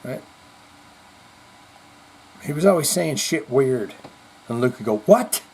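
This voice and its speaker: A man's voice: medium pitch, expressive, slow pace, darkish tone. A male show host telling jokes and rambling through a casual, profane comedy monologue. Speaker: podcast host.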